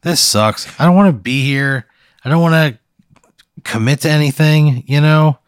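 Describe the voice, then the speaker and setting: A man's voice: a little high, moderate pace, smooth, no echo, clean studio sound. A man in casual chat who reacts with reluctant, incredulous swearing and plays along with a silly bit. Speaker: podcast co-host.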